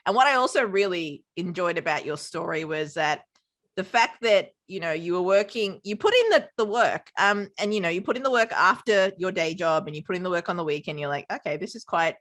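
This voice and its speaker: A woman's voice: fairly low pitch, expressive, a little fast, fairly bright tone. A woman, a podcast company founder, talking things through with an interviewer in a reflective, affirming way. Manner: affirming, reflective, talks with lots of "like". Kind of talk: conversational interview.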